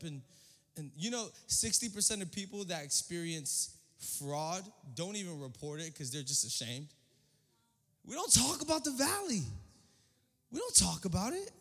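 A young male pastor delivers a sermon with a bright, high-pitched voice. He talks in loose slang, repeats his lines and swings from hushed to shouted passages. The sound carries a long reverb from the church hall. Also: sing-song, measured pace. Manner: casual slang, repeats phrases.

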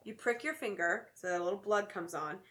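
A crowd can be heard behind a woman with a medium-pitched voice who talks fairly quickly as a podcast co-host. Chatty and joking, she gives long step-by-step explanations of a spooky game in casual conversation.

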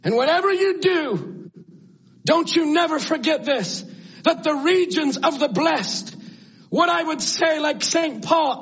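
Impassioned high-voiced male preacher. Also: expressive, measured pace. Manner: impassioned, swings from loud cries to hushed prayer. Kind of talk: evangelistic sermon. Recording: dull lo-fi church tape with faint music.

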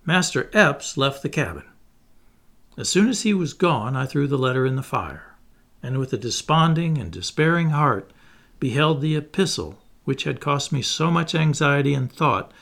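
A man reading a first-person memoir aloud in a measured, solemn way. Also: mid-range voice, gravelly, a bit bright. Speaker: audiobook reader.

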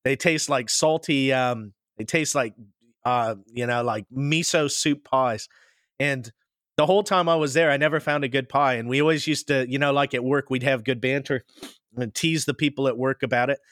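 A man's voice: medium pitch, normal speed, a bit bright, dry recording, clean studio sound. A man from New Zealand with a New Zealand accent, telling stories as an interview guest in a rambling, anecdotal way. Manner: rambling, anecdotal, with many restarts. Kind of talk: casual interview chat.

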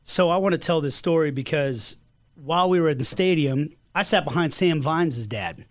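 A man's voice: a little high, normal speed. A man hosting a podcast, telling anecdotes in a casual, conversational way. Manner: conversational anecdotes, some repeated words. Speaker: podcast host.

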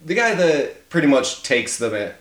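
A man's voice: fairly high pitch, very animated, moderate pace, fairly bright tone. Enthusiastic man talking movies in an echoey room. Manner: enthusiastic, swears and laughs often. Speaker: podcast co-host. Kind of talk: casual movie discussion.

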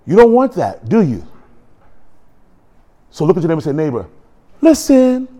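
A male pastor preaching a lively sermon. His pitch runs high and swings widely, but his tone stays mellow rather than bright. He jokes with the congregation and acts out the quotes he tells. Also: fairly quick. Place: church.

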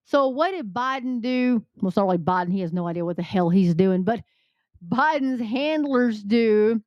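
A woman's voice: medium pitch, no room sound. A woman hosting an angry political commentary show, fiery and indignant, swearing and restarting her sentences. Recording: dull dry lo-fi recording.

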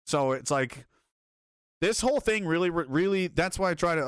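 A man's voice: a little high, expressive, moderate pace, clean tone, no room sound, clean studio sound. A man hosting a livestream and reading chat aloud, riffing sarcastically with lots of swearing and laughter.

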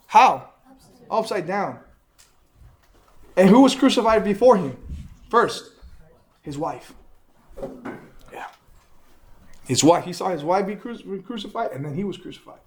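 A man with a high voice teaching a Bible class. He talks with animation and keeps firing questions at his listeners. He asks them to answer back as he explains each verse. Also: expressive, a little slow, pauses often.

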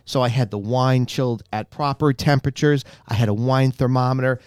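A man telling a long personal story in casual chat, animated and exasperated, growing indignant as he goes. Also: mid-range voice, brisk, dry recording, studio quality. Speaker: guest storyteller.

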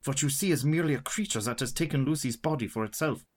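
An actor playing a stern, wise professor who hunts vampires, formal and commanding, in radio drama style. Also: male voice, mid-range voice, quick pace, close to an everyday voice.

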